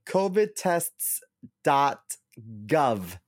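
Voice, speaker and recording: Young man, podcast co-host, animated swooping pitch, goofy, playful, casual. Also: extremely slow. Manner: playful, goofy, swears offhandedly. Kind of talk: casual joking chat.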